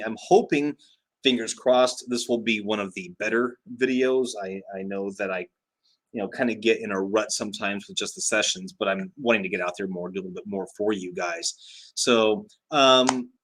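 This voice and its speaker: A man's voice: mid-range voice, a bit bright. A man hosting a casual livestream, chatting and reading out viewer comments with frequent fillers and laughs. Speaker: livestream host.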